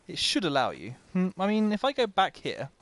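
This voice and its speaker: A man's voice: sits high, huge pitch swings, brisk, fairly bright tone. A man commentating live as he plays a video game, chatty and self-mocking, often talking to the game itself. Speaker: game streamer.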